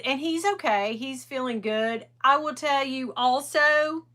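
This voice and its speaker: A woman's voice: high voice, unhurried. A middle-aged woman hosting a casual livestream, chatting in a rambling way and greeting viewers by name. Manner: animated. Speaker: livestream host.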